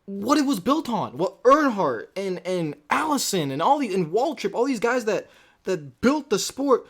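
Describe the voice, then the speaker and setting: A man hosting a reaction vlog, ranting in a heated, profane and rambling way. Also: sits high. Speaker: channel host.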